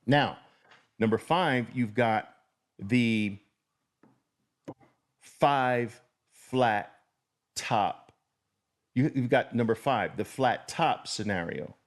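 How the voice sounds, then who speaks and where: A man teaching a trading lesson, drawing as he explains and checking in with the viewer. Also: lowish voice. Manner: deliberate, drawing while explaining, repeats and checks in with "okay?". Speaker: trading instructor.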